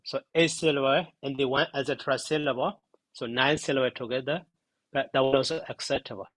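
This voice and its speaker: A man giving a spoken grammar lesson, slow and halting, sounding out syllables one by one. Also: medium pitch, fairly even intonation, fairly bright tone, no room sound, rough recording. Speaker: monk teaching grammar.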